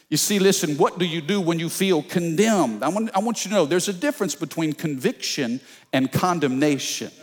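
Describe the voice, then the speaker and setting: A male pastor preaching a sermon, telling stories in an animated way and calling out to the congregation. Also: on the high side, a little fast. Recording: long church reverb.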